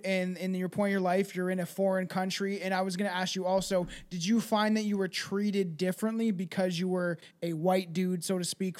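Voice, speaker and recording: A man hosting a dark comedy podcast, asking long, rambling questions full of fillers. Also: high voice. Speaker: podcast host.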